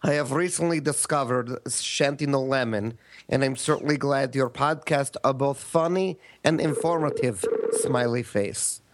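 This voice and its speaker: A man's voice: medium pitch, a little slow, dry recording, close to an everyday voice. A man putting on a hammy Russian accent. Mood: mock-serious. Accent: put-on Russian. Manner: reads aloud with hammy broken English. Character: man doing a Russian emailer.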